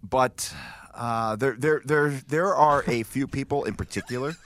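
A man's voice: medium pitch, unhurried, a bit bright, no echo. A man co-hosting a sports talk show on a studio mic, laughing often and poking fun at himself. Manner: laughs often, self-deprecating. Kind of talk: casual studio banter.

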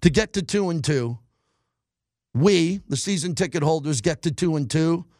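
A middle-aged man rants through a sports talk monologue with emphatic, animated energy. His voice sits high for a man. The sound is dry and close, with no room around it. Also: normal speed, dry recording. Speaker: sports radio host.

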